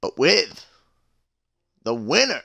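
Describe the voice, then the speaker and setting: A man's voice: medium pitch, big pitch swings, takes it slowly, gravelly, sharp tone. A man doing play-by-play wrestling commentary on a live stream, hyping the matchup and greeting viewers by name. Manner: hype announcer, chatting to live stream viewers. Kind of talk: play-by-play commentary of a video game wrestling show.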